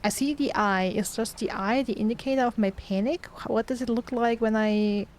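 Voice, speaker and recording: A woman's voice: fairly high pitch, normal speed, darkish tone, slight background noise. A woman playing a game and thinking aloud in casual let's-play commentary. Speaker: gaming streamer.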